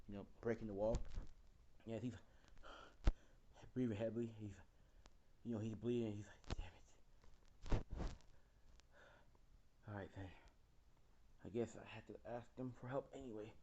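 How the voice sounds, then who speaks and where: A man's voice: medium pitch, noisy background. A young man casually improvising a fan story, rambling with lots of fillers and the odd swear.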